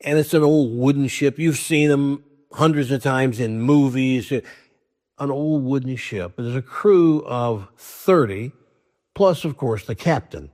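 A man in an ordinary middle pitch, hosting his show and telling a long joke. He draws the story out casually, restarting his sentences as he goes. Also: a little mellow. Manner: chatty, drawn-out storytelling with restarts. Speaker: podcast host.

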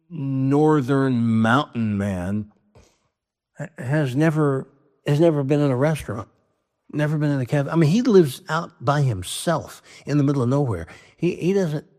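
A man's voice: mid-range voice, a little mellow. A man telling a long joke in a loose, rambling way, restarting his sentences and voicing his characters as he goes. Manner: rambling, with restarts and quoted voices. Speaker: joke teller.

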